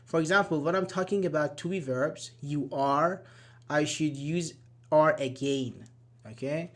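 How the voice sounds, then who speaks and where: A man with a fairly high voice teaches an English grammar lesson to an online class. He explains patiently, repeating key words and using "uh" and "okay" often as he goes. He talks into a computer mic on a video call. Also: a little slow, fairly bright tone.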